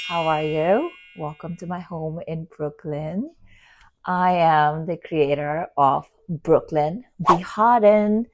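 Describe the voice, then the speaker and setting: Slow, gentle, low-voiced woman from Bihar. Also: slight background noise. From Bihar, India. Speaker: children's book author. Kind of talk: showing young viewers how she makes chai.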